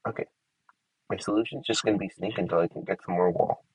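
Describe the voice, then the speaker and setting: A man's voice: low-pitched, fairly even intonation, fast, breathy edge, no room sound, low-quality recording. A man giving casual commentary to himself while he builds in a game. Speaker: gameplay streamer.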